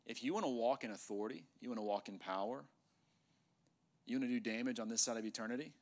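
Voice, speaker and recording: A middle-aged male pastor preaching an emphatic sermon in a church, sometimes dropping to a hushed voice for effect. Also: mid-range voice, brisk, pauses often. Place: church sanctuary.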